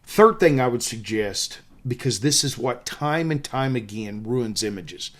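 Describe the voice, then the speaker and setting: A man's voice: mid-range voice, lively intonation, unhurried. Emphatic Southern man in his fifties. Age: 50s. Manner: emphatic, repeats key points. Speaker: photography instructor. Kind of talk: casual teaching monologue.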